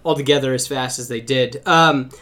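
A man's voice: mid-range voice, normal speed, fairly bright tone. A man hosting a casual podcast chat, enthusiastic and often laughing. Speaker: podcast host.

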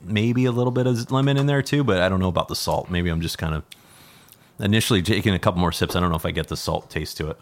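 A man co-hosting a casual podcast, talking in a halting way full of fillers and restarts. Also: deep voice. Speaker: podcast co-host. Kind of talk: casual chat.

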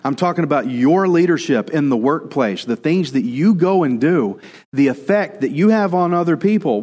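A man's voice: fairly high pitch, animated, moderate pace, darkish tone, big-room sound. A male pastor preaching a conversational sermon, now and then acting out quoted voices.

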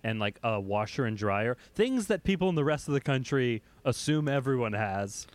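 A man's voice: medium pitch, lively intonation, moderate pace, no echo. A man co-hosting a podcast in casual chat, rambling and jokey, with frequent restarts. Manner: rambling, jokey, reads out a mock toast. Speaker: podcast co-host.

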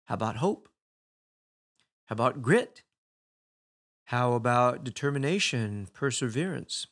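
A man's voice: mid-range voice, animated, a little slow, a bit bright. A man giving a reflective motivational talk in a conversational way, posing rhetorical questions to the listener. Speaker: motivational speaker.

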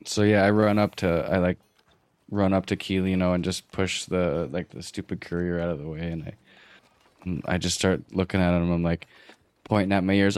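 A man's voice: sits low, fairly even intonation, normal speed, a little mellow, smooth, dry recording. A man playing a character in a tabletop game, playful and laughing. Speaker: player. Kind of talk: tabletop role-play.

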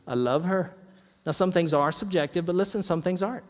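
A man's voice: high-pitched, a little fast, big-room sound. A man preaching a sermon as pastor, talking conversationally with joking asides and frequent laughs. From North Idaho.

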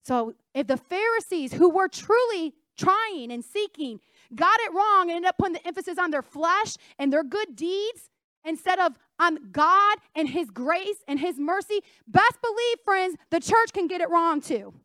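High-voiced woman preaching with emphasis. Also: animated, measured pace, pushed and bright, no room sound, clean studio sound. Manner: emphatic, call-and-response, questions to the congregation. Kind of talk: sermon.

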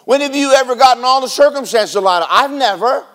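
A man preaches with animated energy, his voice sitting high for a man. He presses the congregation with rapid rhetorical questions in a lively sermon style.

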